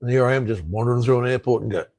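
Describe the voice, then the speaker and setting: Gravelly, blunt Australian man on a live stream. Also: mid-range voice, very fast, darkish tone, dry recording, low-quality recording. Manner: blunt, rambling, swears freely, says "mate" a lot. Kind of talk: casual live stream chat answering viewer comments.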